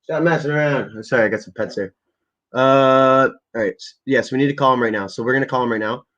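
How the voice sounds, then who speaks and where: A man's voice: mid-range voice, fairly even intonation, fast talker, fairly bright tone. A man ranting crudely and rambling on a casual livestream while stoned, as he sets up prank calls. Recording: lo-fi muffled recording.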